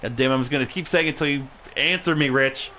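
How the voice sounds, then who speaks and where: A man's voice: medium pitch, fast, bright, forceful tone, a little hiss or hum. A man hosting a livestream, casually commentating a video game match, rambling and joking, laughing often and swearing, a little tipsy and punchy.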